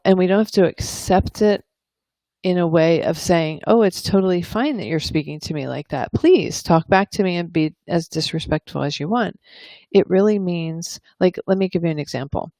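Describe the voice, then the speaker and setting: Earnest, low-voiced woman giving parenting advice. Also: no room sound. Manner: calm, earnest explaining that acts out example dialogues. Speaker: parenting coach and author. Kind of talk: advice talk to camera.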